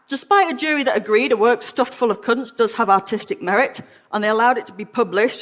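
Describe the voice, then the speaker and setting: An Englishwoman gives a humorous public talk, frank and playfully witty. Her voice sits at an ordinary middle pitch. A long reverb from the large hall follows her words. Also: fairly bright tone. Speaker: lecturer.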